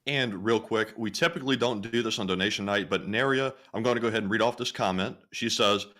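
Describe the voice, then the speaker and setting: Lower-voiced male co-host reading donor names. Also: sharp tone. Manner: reads long lists of names briskly. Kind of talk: casual livestream co-hosting.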